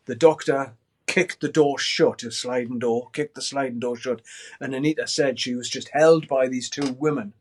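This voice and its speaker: An older man recounting a story as a podcast guest. He talks in an animated way, swears freely and shouts out the lines he quotes. His voice sits at an everyday middle pitch. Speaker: guest musician.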